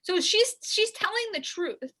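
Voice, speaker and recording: A woman from the New York area co-hosts a comedy podcast over a remote call setup, rambling casually with constant filler "like"s and swearing. Her voice is very high-pitched, animated, bright, and forceful, at a measured pace.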